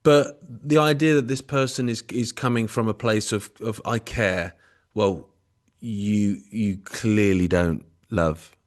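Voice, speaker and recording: A man from Britain with a lowish voice, co-hosting a casual podcast chat. He talks in sarcastic, sweary banter. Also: measured pace. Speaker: podcast co-host.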